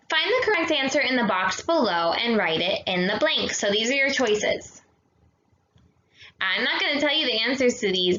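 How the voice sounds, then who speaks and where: A young woman teaching a grammar lesson to kids, talking slowly and patiently, checking in with "okay?" and mixing in Spanish words. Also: fairly high pitch, sharp tone. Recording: echoey dull room sound.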